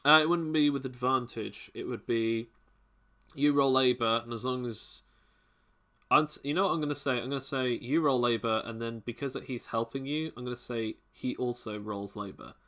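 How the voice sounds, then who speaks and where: A man acting as game master for a tabletop game, with a bright, forward voice. He rambles and restarts his sentences as he works out rulings for the players. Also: medium pitch, moderate pace.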